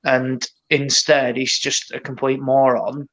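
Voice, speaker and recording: A man's voice: medium pitch, level tone, slow, fairly bright tone. Blunt sweary man chatting. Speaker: podcast co-host. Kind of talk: casual boxing chat.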